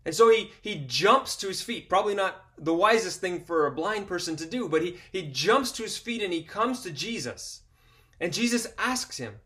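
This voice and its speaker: A man's voice: high voice, lively intonation, moderate pace, a bit bright. A man preaching a sermon, reading Bible passages with expression and repeating key phrases earnestly.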